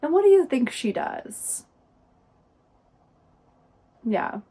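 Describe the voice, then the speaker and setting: A woman's voice: high voice, very animated, extremely slow, dark tone. Sarcastic woman recapping a book. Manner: sarcastic, indignant. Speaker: book reviewer.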